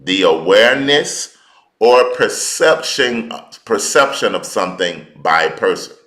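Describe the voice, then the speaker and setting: A man preaching a teaching sermon, slow and deliberate, repeating key words for emphasis in informal, colloquial speech. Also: lowish voice, animated, sharp tone, echoey room, low-quality recording.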